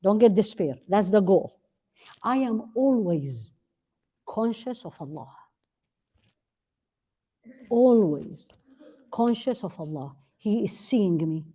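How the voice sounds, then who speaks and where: Warm-voiced woman teaching a religious class. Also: mid-range voice, animated, takes it slowly, long pauses. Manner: earnest, asks rhetorical questions and answers them; repeats key phrases for emphasis. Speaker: Islamic teacher. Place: classroom with a live audience.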